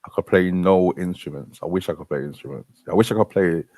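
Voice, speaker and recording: A man's voice: sits low, a little fast, darkish tone. A male host of an online radio stream, talking in an easygoing, rambling way. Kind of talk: casual stream chat.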